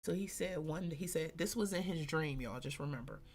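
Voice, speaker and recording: Gravelly-voiced woman telling a blunt story. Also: low-pitched, normal speed, slight background noise. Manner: colloquial and blunt, heavy slang and swearing; animated, addresses listeners directly. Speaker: host. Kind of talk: candid personal storytelling on a live stream.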